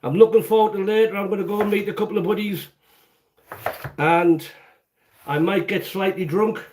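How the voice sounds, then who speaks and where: A man from the UK hosts an easygoing live cooking stream from his home kitchen, greeting viewers by name as he chats, jokes and rambles. His voice is high and a little mellow, at normal speed, with slight background noise.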